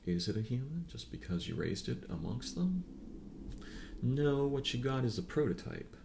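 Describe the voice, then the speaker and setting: A man's voice: mid-range voice, lively intonation, normal speed, gravelly, a little mellow, slight background noise. A man speaking in a musing, digressive improvised monologue, full of fillers and tag questions like "right?" and "yeah?". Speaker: philosophical speaker. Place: outdoors or near a neighbor's noisy machine.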